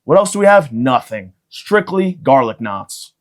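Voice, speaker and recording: A man's voice: medium pitch, very animated, unhurried. A young man hosting a podcast, rambling through a crude comedic monologue with jokey asides and bursts of mock outrage. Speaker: podcast host.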